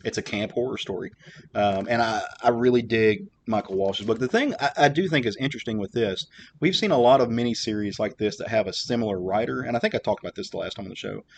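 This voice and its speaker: A man's voice: on the low side, fast talker, gravelly, slight background noise. A man hosting a podcast, chatting casually with lots of fillers and restarts. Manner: rambling, many fillers and restarts. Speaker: podcast host. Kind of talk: casual chat.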